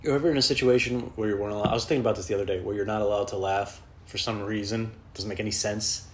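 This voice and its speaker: A man's voice: lowish voice, steady tone, very fast. A man hosting a podcast, ranting casually on his own, rambling and swearing often, restarting his sentences as he goes. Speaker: podcast host. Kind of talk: casual solo rant.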